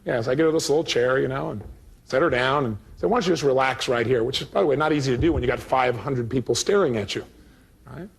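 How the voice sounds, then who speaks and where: He's presenting a live motivational seminar, spinning a story and acting out each speaker's lines with animated energy. The voice is medium in pitch and quick in pace, husky with vocal fry.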